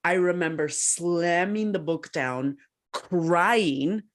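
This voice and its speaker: Animated woman telling a story casually. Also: on the low side, takes it slowly. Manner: animated, laughs often, acts out quoted voices. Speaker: podcast co-host and researcher.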